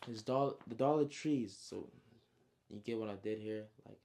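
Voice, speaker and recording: A man casually recapping his own story, slangy and animated, with frequent asides. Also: on the low side, moderate pace, creaky.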